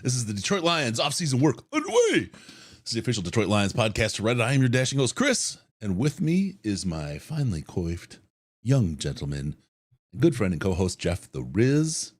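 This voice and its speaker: A man's voice: fairly low pitch, big pitch swings, a little fast, breathy edge. A man hosting a casual sports podcast, playful and upbeat, joking and laughing with his co-host.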